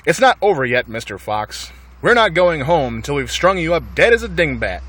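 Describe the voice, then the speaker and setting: A man's voice: a little high, very animated, normal speed, fairly bright tone, voice pushed up. A man voicing a tall, skinny, cruel male farmer with a sneering, taunting manner.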